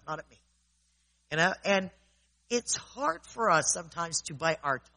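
A man's voice: on the high side, bright, forceful tone, breathy edge, poor audio. A man preaching informally in a conversational way, often checking in with his listeners.

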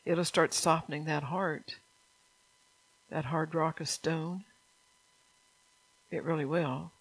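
Folksy woman preacher with a lowish voice, earnest and chatty, dry close sound. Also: steady tone, slow pace, slightly rough, no room sound, poor audio. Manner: folksy and earnest, often breaks into laughter. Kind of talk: sermon.

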